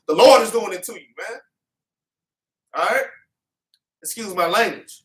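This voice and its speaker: A man's voice: high-pitched, measured pace, fairly bright tone. A man teaching a Bible class, preaching with fervent, repetitive street talk and having scripture read back to him. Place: meeting room with congregation. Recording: echoey room, mic at a distance.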